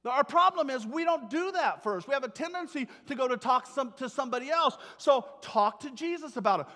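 High-voiced man preaching in a reverberant hall. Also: fairly quick, few pauses. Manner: animated storytelling, voices the people he quotes. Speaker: pastor. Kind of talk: sermon.

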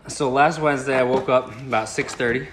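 A young man on a casual podcast, telling a story in a relaxed, halting way. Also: mid-range voice, noisy background. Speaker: podcast guest.

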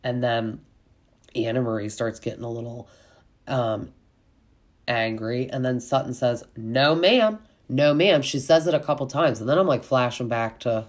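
A podcast host talks through a reality show recap in a chatty, gossipy way. The voice sits at an ordinary middle pitch. Fillers like "like" come constantly as the speaker rambles on. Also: fairly even intonation, normal speed. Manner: chatty, gossipy, heavy use of "like".

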